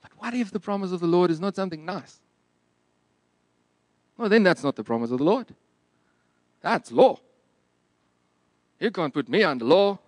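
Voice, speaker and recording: A man's voice: high-pitched, lively intonation, normal speed, long pauses, darkish tone, no room sound, clean studio sound. A man putting on an American accent to play a boastful prosperity preacher. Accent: put-on American. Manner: proclaiming, boastful.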